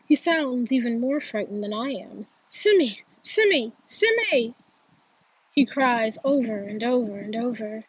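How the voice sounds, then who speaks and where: Woman audiobook reader, high breathy voice, slow and earnest, muffled lo-fi sound. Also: a little mellow, no echo. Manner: earnest, emotional reading with frequent restarts. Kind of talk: first-person novel reading.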